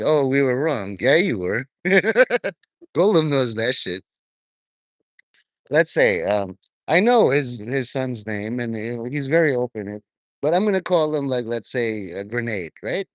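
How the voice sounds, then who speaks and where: Man, mid-pitched, drifting and profane, a dry close recording. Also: lively intonation, a little slow, long pauses, a bit bright, no room sound. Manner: profane, stream-of-consciousness, drifting between topics. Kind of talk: rambling monologue to viewers.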